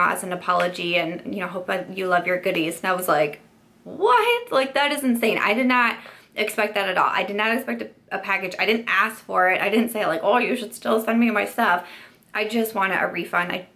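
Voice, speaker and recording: A woman's voice: medium pitch, gravelly, fairly bright tone. A young woman beauty YouTuber telling a chatty story-time vlog, full of "like" and "you know" fillers.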